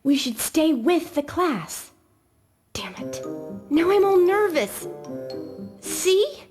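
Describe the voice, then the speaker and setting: A voice actor playing a nervous, rule-following young student in a game cutscene, heard as game audio with music underneath. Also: male voice, extremely high pitch, very animated, slow, a little mellow, heavily acted. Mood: anxious. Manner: anxious, whiny.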